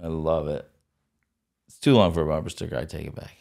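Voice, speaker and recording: A man hosting a podcast in casual interview chat, teasing his guest with quick, joking interjections. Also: very deep voice, fairly even intonation, gravelly, darkish tone. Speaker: podcast host.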